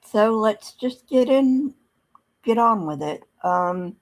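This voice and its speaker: A woman hosting a podcast, reading scripture aloud and commenting bluntly, with many ums and pauses. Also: fairly high pitch, animated. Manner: slow, halting, many ums, blunt and sardonic. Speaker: podcast host. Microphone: streaming setup mic.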